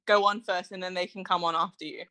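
A woman's voice: fairly low pitch, fairly even intonation, fast, sharp tone. A young woman co-hosting a podcast, chatting expressively with some swearing. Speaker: podcast co-host. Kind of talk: casual chat.

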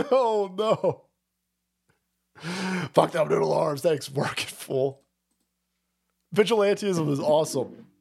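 A man hosting a livestream, ranting and swearing, laughing often and swinging between shouting and muttering. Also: on the high side, slow, creaky, pauses often, slightly rough. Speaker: livestream host. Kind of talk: profane political rant.

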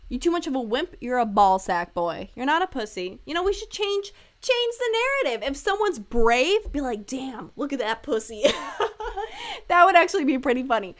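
A woman in her twenties hosts a casual solo podcast, candid and rambling with lots of asides, cracking irreverent jokes and laughing often. Her voice sits high and is very animated, at a moderate pace.

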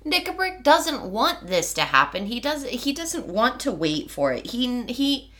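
A woman co-hosting a book podcast in casual chat, animated, with lots of "like" and quick restarts. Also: fairly high pitch. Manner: animated, fills speech with "like", restarts often.

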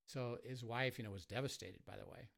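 Guy from a marriage ministry telling a story, soft, lots of ums, mid pitch. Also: brisk, gravelly. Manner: soft-spoken, many fillers, acts out quotes. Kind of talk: storytelling in an interview.

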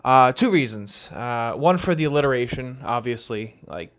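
A young man with a strong Long Island New York accent talks through a casual solo podcast. His delivery is loose and conversational, with lots of filler words and tag questions. His pitch sits in an ordinary middle range for a man. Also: moderate pace. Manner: relaxed and chatty, with many "uh", "you know" and "right?". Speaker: podcast host.

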